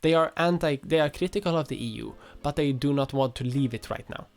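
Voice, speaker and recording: During a relaxed livestream, a woman from Sweden reads out comments from her viewers and tosses off answers, cursing casually along the way. Her light Swedish accent comes in a low, slightly mellow voice that moves fairly quickly.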